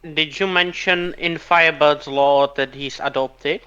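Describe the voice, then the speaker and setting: A man's voice: a little high, steady tone, a little slow, a crowd in the background. A man on a fan panel, asking wry, teasing questions in casual chat. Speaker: panel participant. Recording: dull lo-fi audio.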